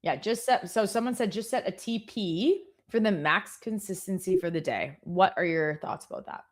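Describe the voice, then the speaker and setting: A woman's voice: mid-range voice, moderate pace. A woman hosting a live trading stream, chatting playfully, giggling and apologizing. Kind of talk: casual chat.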